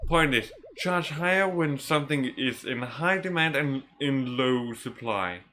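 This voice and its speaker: A man voicing a gruff old bearded shopkeeper who scolds and mentors a young boy, reading game dialogue aloud in a slow, deliberate way. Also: mid-range voice, lively intonation, bright, forceful tone, slight background noise. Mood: instructive.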